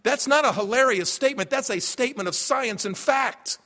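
Male pastor, fervent sermon delivery that swings from quiet to loud, high-pitched, recorded in a big echoing church. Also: moderate pace. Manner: emphatic, swings from hushed to loud. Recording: long reverb of a large hall.

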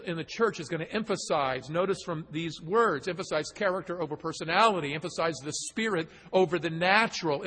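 A man's voice: high voice, a bit bright, slightly rough. A man preaching a verse-by-verse sermon, stressing points through repetition. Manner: expository preaching, emphatic repetition. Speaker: pastor. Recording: long hall reverb.

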